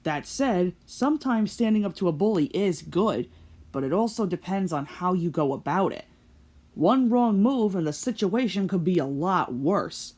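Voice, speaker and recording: A woman's voice: fairly low pitch, lively intonation, normal speed, a little mellow. A woman hosting a video commentary, speaking earnestly and reflectively. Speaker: host.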